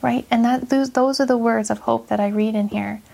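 A woman's voice: fairly high pitch, fairly even intonation, normal speed, creaky, dark tone. A woman nurse earnestly sharing a personal faith story in a casual chat, reflective and full of fillers.

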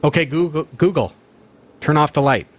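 A man's voice: fairly high pitch, normal speed. A man hosting a casual chat, talking in an upbeat, chatty way and often restarting his sentences as he demonstrates gadgets. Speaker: host demonstrating smart speakers.

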